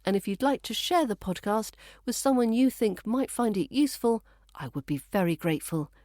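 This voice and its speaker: British woman, podcast accent teacher, playful crisp read, mid pitch, dry booth sound. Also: lively intonation, moderate pace, mellow, no room sound. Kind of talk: scripted podcast lesson.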